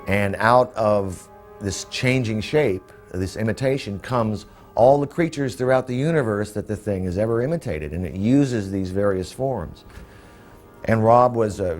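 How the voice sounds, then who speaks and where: A man in an interview, recalling making a film in a measured, reflective way. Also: lowish voice. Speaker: film director. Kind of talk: interview recollection.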